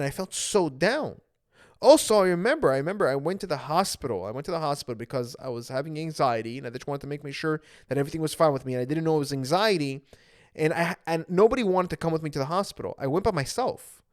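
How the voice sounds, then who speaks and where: A man's voice: on the high side, expressive, quick pace, dry recording, studio quality. A young man, an anxiety coach, earnestly telling his own story to viewers and repeating phrases for emphasis.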